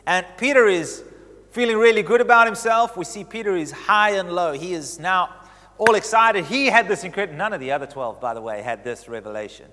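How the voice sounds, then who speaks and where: A man preaching a sermon who gets animated, swinging in pitch and loudness as he drives his points home. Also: a little fast, long reverb tail.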